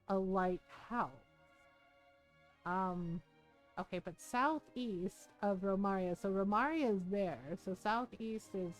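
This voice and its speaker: A woman streaming a game, chatting casually and laughing as she plays. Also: mid-range voice. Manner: chatty, laughing, animated impressions. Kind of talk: casual live-stream commentary.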